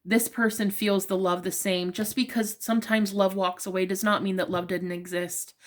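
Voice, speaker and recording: A woman's voice: medium pitch, level tone, moderate pace. Chatty woman giving a heartfelt tarot reading. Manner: chatty, emotionally open, talks straight to the listener with many fillers. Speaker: tarot reader. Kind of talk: casual tarot reading addressed to viewers.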